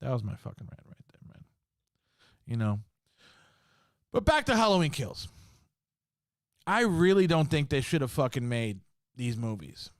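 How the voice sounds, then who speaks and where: A man's voice: medium pitch, big pitch swings, normal speed, long pauses, dry recording, studio quality. A man hosting a podcast, ranting on his own with a lot of swearing and repeated phrases. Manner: heated, swearing, repeats himself. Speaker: podcast host. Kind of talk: profane solo rant.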